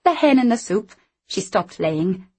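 A woman voicing a lively, teasing young woman who talks in a bright sing-song. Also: medium pitch, a little slow, slightly rough. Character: lively, cheeky young Scottish woman, playful.

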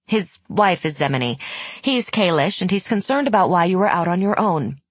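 A woman reading the lines of a wry, bold young woman soldier in an audiobook, in a husky voice only a little higher than her narration. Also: lively intonation, normal speed, dry recording. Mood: explaining.

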